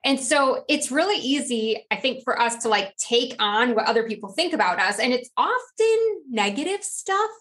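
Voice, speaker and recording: Middle-aged woman guest, fairly high voice, expressive storyteller who plays out the dialogue she quotes. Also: normal speed, hardly any pauses. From New Jersey. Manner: animated, acts out quoted dialogue with lively pitch jumps. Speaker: podcast guest, author and life coach. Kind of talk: casual conversational interview.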